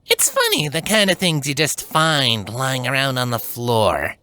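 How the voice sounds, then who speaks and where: A man's voice: high voice, very animated, a little slow, pushed and bright, no echo, pitched above the performer's own voice, full character voice. A man voicing a sarcastic, tomboyish young female pegasus, with a cold, scolding manner. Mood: mocking.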